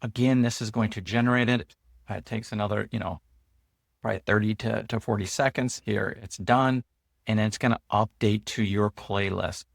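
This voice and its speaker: Gravelly low-voiced man, casual walkthrough. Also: normal speed, no room sound, clean studio sound. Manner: relaxed, chatty, loose with fillers and restarts. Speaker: host and app founder. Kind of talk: casual screen-share walkthrough.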